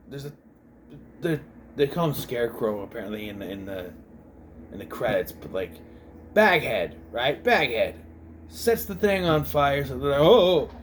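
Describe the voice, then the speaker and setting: A man's voice: mid-range voice, slight background noise. A man giving a casual, exasperated movie review, swearing freely and acting out lines from the film.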